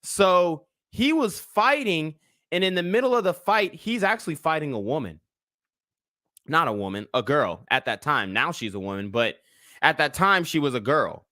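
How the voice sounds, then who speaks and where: Young man, livestream commentary, rambling profane storytelling, bright tense voice, dry sound. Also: a little high, very animated, moderate pace, no room sound.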